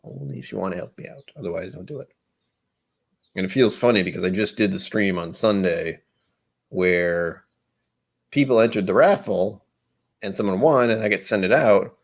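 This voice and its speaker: A man's voice: fairly low pitch, moderate pace, creaky, pauses often. A man hosting a livestream, chatting casually over drinks, rambling, joking and poking fun at himself. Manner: rambling, joking and self-deprecating. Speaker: livestream host.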